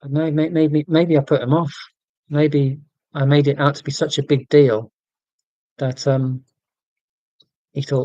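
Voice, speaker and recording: A man's voice: a little high, level tone, measured pace, pauses often, warm tone, no echo, highs cut off. A man hosting a casual livestream, rambling from home while reading out viewer comments in a chatty, self-deprecating way. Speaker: livestream host.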